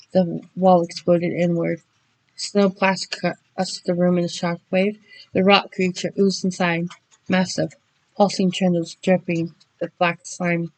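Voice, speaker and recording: A woman's voice: fairly low pitch, flat delivery, unhurried, a little mellow, dry recording, low-quality recording. Dramatic woman reading a horror story.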